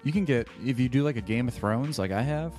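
A man's voice: medium pitch, expressive, fairly quick, a little mellow, faint music behind. Rambling jokey male podcast co-host. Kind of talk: casual chat.

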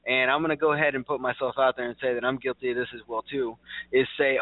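A man's voice: mid-range voice, level tone, fast talker, no room sound. A man hosting a casual talk show, chatty and upbeat. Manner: chatty, upbeat, many fillers and restarts. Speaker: show host. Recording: dry, tinny phone-like line.

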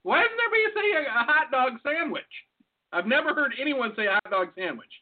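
A man's voice: extremely high pitch, very animated, fairly quick. A man co-hosting a podcast, joking and rambling in casual banter. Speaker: podcast co-host. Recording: phone-like lo-fi audio.

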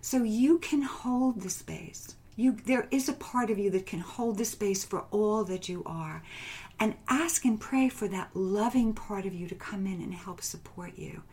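A woman with a mid-range voice speaks softly and reflectively as an interview guest, recounting personal experiences. Her delivery is gentle, often sinking into a hushed whisper, with light laughter. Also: medium pitch, measured pace, husky. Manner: soft-spoken, often drops into a hushed whisper. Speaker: guest, transformational coach. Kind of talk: heartfelt personal storytelling interview.

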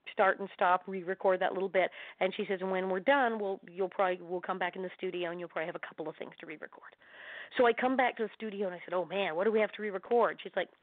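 A middle-aged actress, a woman, chatting as an interview guest and telling animated anecdotes, acting out quotes and laughing often. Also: medium pitch, dry recording. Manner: animated, laughing storyteller who acts out quotes. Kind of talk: casual storytelling chat. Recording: tinny phone-line sound.

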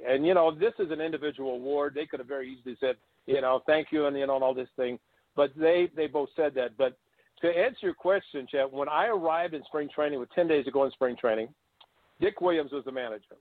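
Older man, interview guest, storytelling, quotes people in lively voices, slightly high voice, tinny phone-line sound. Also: fast talker, no room sound. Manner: animated anecdotes, acting out quoted voices. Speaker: guest, former baseball catcher.

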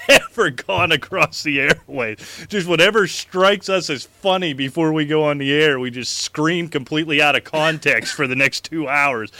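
A male fantasy sports host who rants animatedly and breaks into laughter often. His tone is bright and forward, pitched a little high. The sound is dry and close. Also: no echo. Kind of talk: casual sports talk.

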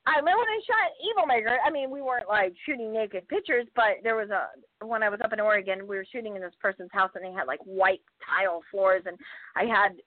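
A woman, a guest actress, telling stories in a casual podcast chat, full of fillers and loud acted-out quotes. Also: mid-range voice, a little fast, dry recording. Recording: tinny phone-like line.

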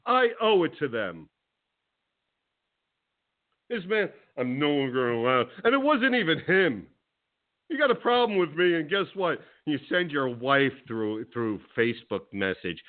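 A male radio host with a slightly high voice, loud and combative as he rants. The audio is thin and tinny, like a phone line. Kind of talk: ranting talk radio.

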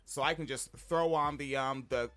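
A man co-hosting a podcast, telling a story in a casual, profane, animated way. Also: medium pitch, moderate pace. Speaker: podcast co-host. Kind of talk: casual chat.

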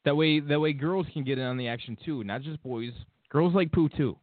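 A man's voice: a little high, fairly quick, no echo, narrow, tinny audio. A man co-hosting a radio talk show, making crude wisecracks in casual chat. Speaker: radio co-host.

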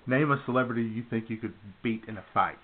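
A man's voice: mid-range voice, fast talker, a little hiss or hum. Upbeat male radio host, tinny sound. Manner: upbeat quiz-style questioning, laughs easily. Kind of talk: casual talk radio banter.

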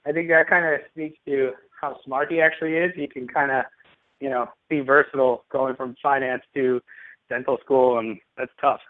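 A young man, a guest on a casual radio interview, easygoing and quick to laugh. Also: medium pitch, fairly even intonation, no room sound. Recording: tinny phone-line audio.

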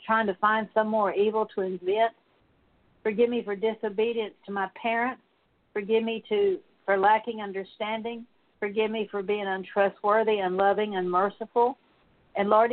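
Through tinny, phone-like audio, a woman minister prays aloud with a mid-range voice. She leads a prayer of confession made up of a steady litany of repeated petitions.

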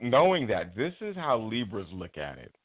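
Lively man telling stories on radio. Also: lowish voice, moderate pace, no echo. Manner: expressive storyteller, acts out quotes, restarts often. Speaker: radio show co-host. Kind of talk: casual radio talk. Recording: tinny phone-like, dry.

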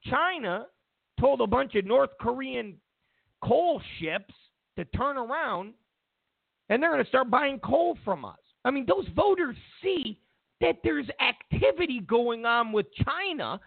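A man's voice: very high-pitched, sing-song, a little slow, creaky, dry recording. A man hosting a talk show, delivering a heated, mocking political monologue full of repeated phrases. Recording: tinny phone-like sound.

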